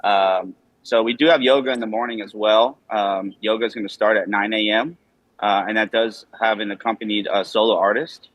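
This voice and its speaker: A low-voiced man, upbeat and quick to laugh, joining as a guest to go over a festival lineup. His voice is dry and close, with no room sound around it. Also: steady tone, no echo, muffled recording. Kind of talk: casual interview chat.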